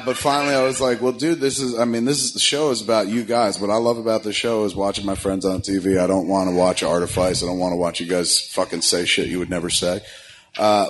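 A man hosting a podcast, telling stories in casual chat with plenty of cursing and quick impressions of other people. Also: fairly low pitch, slight background noise. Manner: profane, storytelling, animated impressions. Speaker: podcast host.

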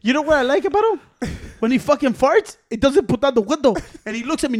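A man's voice: very high voice, fast. A man with a Mexican-American accent, slipping into Spanish, telling profane stories in casual podcast banter. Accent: Mexican-American English, switching into Spanish. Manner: profane, animated storyteller. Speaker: podcast co-host.

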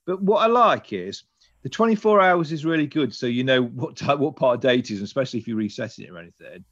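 A man's voice: mid-range voice, lively intonation, quick pace, fairly bright tone, dull audio. A British man talking casually as a podcast co-host, chatty and enthusiastic, rambling a little as he goes. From Britain. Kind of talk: casual chat.

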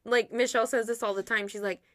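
A woman's voice: a little high, quick pace, dry recording, studio quality. Chatty young woman on a podcast. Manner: chatty, heavy use of "like", animated retelling. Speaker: podcast co-host. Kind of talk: casual chat.

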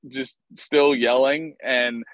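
A man's voice: mid-range voice, slow pace, no echo, poor audio. Guy telling a wild ballgame story, cussing a lot, plain middle voice, dead dry mic. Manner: animated, profane, acts out quotes. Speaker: former baseball player, guest. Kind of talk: casual storytelling interview.

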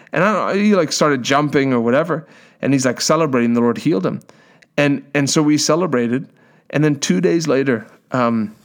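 Guy preaching, animated storytelling, reads bible passages, mid-pitched voice. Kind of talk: sermon with storytelling and scripture reading.

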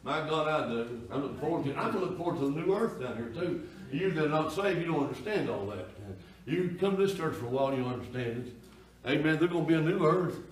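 A man, a pastor preaching a folksy sermon in a church that swells into loud cries. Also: a little high, animated, fast talker. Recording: echoey church room from far off.

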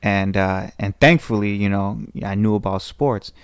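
At normal speed and with a smooth, fairly low voice, a young Southern Californian podcast guest tells a lengthy, meandering story in casual chat. He restarts here and there and acts out quotes, and the studio sound is clean without echo.

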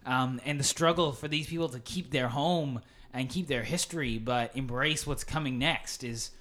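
A man's voice: medium pitch, normal speed, fairly bright tone. A young man co-hosting a casual movie podcast, gushing with enthusiasm and plenty of filler words. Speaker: podcast co-host. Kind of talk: casual chat.

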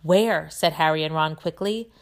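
A woman teacher reading a chapter book aloud in a steady, measured way. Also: low voice.

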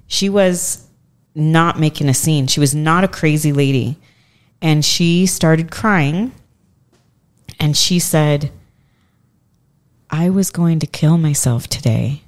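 A woman's voice: sits low, slow pace. A woman in her forties telling a long personal story in a casual podcast chat, animatedly acting out what others said. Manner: animated, acts out quoted voices.

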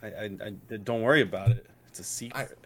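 A man's voice: fairly low pitch, a little fast. A man co-hosting a podcast in casual chat, laid-back with dry comebacks. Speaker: podcast co-host.

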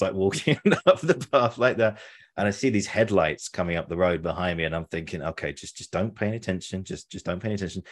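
A young adult man in casual chat, telling a long story with restarts and laughs. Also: deep voice.

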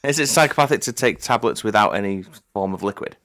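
Deep deadpan guy. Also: fast. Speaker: podcast co-host. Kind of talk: casual chat.

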